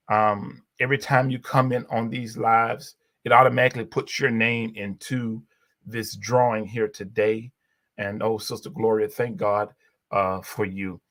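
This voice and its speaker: A man's voice: medium pitch, fairly bright tone. A man hosting a live stream, giving a heartfelt inspirational talk with a preacher-like repetitive cadence and open emotion, speaking into a phone. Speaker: livestream host.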